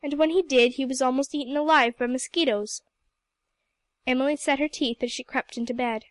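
A woman narrating a novel in a gentle, even storybook reading. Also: sits high, brisk, no room sound. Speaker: audiobook reader. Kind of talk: scripted narration.

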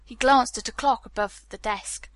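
A woman narrating an audiobook in a steady, clear storytelling manner. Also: on the high side, normal speed, no room sound. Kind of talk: scripted narration.

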